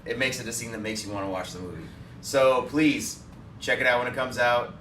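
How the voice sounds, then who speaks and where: A man's voice: mid-range voice, steady tone, brisk, a bit bright, slight background noise. A man co-hosting a casual film chat, upbeat and speaking to viewers, recorded at a distance in an echoey space. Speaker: co-host. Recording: roomy echo, far from mic.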